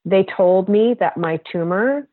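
A woman's voice: medium pitch, no echo. A woman guest, a bodywork practitioner, telling a personal story in an earnest, heartfelt way. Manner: earnest, heartfelt, slow and reflective. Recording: tinny phone-like line, dry.

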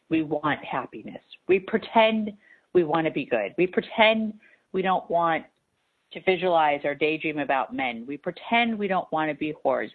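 A woman host and spiritual advisor giving an emphatic, repetitive radio talk monologue. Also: lowish voice. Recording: tinny phone-like sound.

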